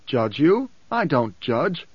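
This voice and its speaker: Man doing a calm, cryptic male advisor. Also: a little high, breathy edge, dry recording, exaggerated voice. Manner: measured, lecturing, composed. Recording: dull dry close recording.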